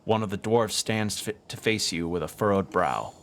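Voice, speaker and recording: A man's voice: lowish voice, moderate pace, slight background noise. A man streaming a game, reading its text aloud and often stumbling over words.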